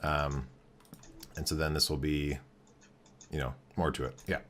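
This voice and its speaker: A man with a very deep, low voice talks through a building project in a game, thinking aloud as he goes. His delivery is relaxed and halting, with fillers and restarted phrases. A faint hum sits in the background. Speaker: game streamer. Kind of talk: casual commentary while building in a game.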